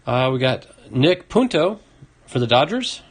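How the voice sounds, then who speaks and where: A man's voice: medium pitch, sing-song, measured pace, breathy edge. A man hosting a casual card-opening video, reading off names and chatting to a viewer. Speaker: card collecting video host. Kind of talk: casual box-opening commentary.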